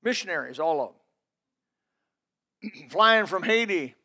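A man's voice: sits high, animated, unhurried, pushed and bright. A man preaching a sermon, telling folksy personal stories in an emphatic, building delivery.

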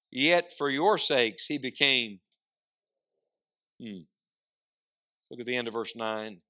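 Male preacher, tense bright tone, dramatic loud-soft swings, call-and-response sermon. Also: medium pitch, moderate pace, pauses often. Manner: emphatic, swings from loud declarations to hushed asides; asks the congregation questions and prompts replies.

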